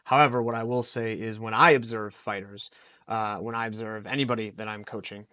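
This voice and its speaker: A man in his forties speaks as a coaching guest on a podcast, launching into vivid stories and slipping into quick acted-out lines of dialogue. The sound is dry and close, with no room around him. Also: on the low side, dry recording. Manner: animated, storytelling with acted-out quotes. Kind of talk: podcast interview answers.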